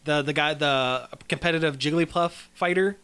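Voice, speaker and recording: Male co-host, a touch high, loose rambling delivery full of fillers. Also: moderate pace, fairly bright tone, clean tone. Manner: rambling, filler-heavy storytelling. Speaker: podcast co-host. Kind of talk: casual chat.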